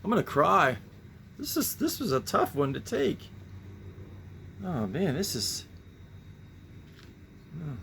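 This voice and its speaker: Collector-host, male, gravelly and a touch high, rambling show-and-tell. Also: huge pitch swings, slow pace, long pauses, pushed and bright, a little hiss or hum. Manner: rambling, musing, sighing asides. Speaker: comic book collector host. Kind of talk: casual show-and-tell commentary.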